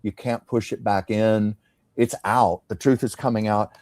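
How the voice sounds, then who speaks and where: Man, low mellow voice, tarot reader, musing, conversational, dry. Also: fairly even intonation, moderate pace, no echo. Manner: conversational, musing, drops to soft tones. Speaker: psychic tarot reader, host. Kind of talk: casual tarot reading chat.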